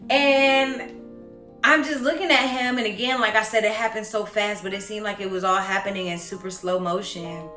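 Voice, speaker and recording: A woman recounting her own story in an earnest, reflective way, halting often with pauses and fillers. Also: medium pitch, fairly even intonation, sharp tone, roomy sound, soft background music. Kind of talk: personal storytelling.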